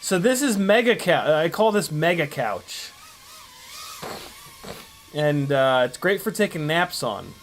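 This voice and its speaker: A man's voice: a little high, lively intonation, slow pace, pauses often, slight background noise. A man hosting a casual drone livestream, muttering in exasperation as he tinkers and reads chat aloud. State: still a bit sick. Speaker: FPV drone livestream host.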